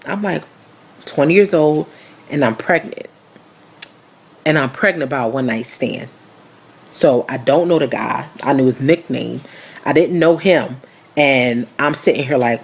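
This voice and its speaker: A woman in her twenties giving a candid personal testimony, frank and animated, with casual slangy speech full of fillers, acting out the voices in her story. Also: low-pitched, unhurried, gravelly, pauses often, breathy edge. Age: 20s. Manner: frank and animated, acts out quoted dialogue.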